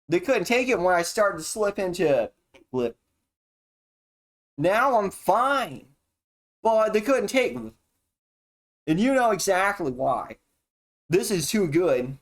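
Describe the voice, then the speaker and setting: A streamer talking alone in a rambling, erratic and profane monologue, jumping from topic to topic. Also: medium pitch. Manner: erratic, profane and jumpy, with sudden laughs and exclamations.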